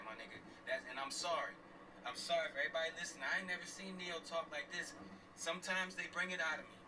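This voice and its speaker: In a car on the road, a middle-aged man, a father who used to be a police officer, angrily rants on a livestream, swearing and repeating himself bluntly for emphasis. His voice is on the high side, picked up from a distance against a noisy background.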